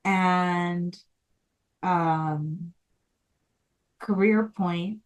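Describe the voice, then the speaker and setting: A woman hosting a podcast who asks hesitant questions and reacts with short, soft remarks. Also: on the low side, extremely slow. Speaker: podcast host. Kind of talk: casual interview.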